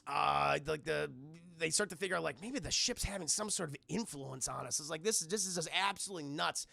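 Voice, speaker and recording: Man, streamer, casual profane recap, bright tense voice, dry sound. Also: on the high side, fairly quick, vocal fry, no room sound. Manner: rambling, profane, laughing, acts out scenes. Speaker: streamer reviewing a film. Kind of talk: casual livestream chat.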